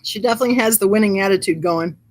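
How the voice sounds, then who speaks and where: A woman's voice: mid-range voice, rapid-fire, darkish tone. Chatty woman rambling on a livestream. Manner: reads live chat aloud. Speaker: true crime channel host. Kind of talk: casual livestream chat.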